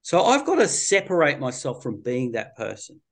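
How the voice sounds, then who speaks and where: A man's voice: medium pitch, huge pitch swings, moderate pace. A middle-aged man, a child therapist telling a story in an interview, playful and colloquial.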